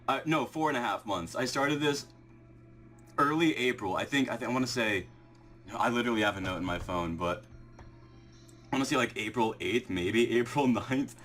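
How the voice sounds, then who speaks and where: A young man recording a vlog, swinging from ecstatic shouting and laughter to quick, low explanations, shaky and breathless with excitement. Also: faint music behind. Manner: quiet muttered counting. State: shaking with excitement, heart racing. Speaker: shiny hunting video creator. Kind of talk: excited live reaction vlog.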